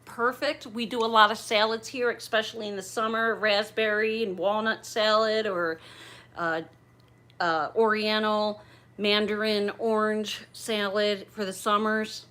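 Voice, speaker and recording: A woman's voice: medium pitch, little pitch movement, measured pace, a bit bright. A middle-aged woman chatting on a livestream as she opens gifts, gushing, bubbly and a little raunchy. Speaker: livestream host opening gifts.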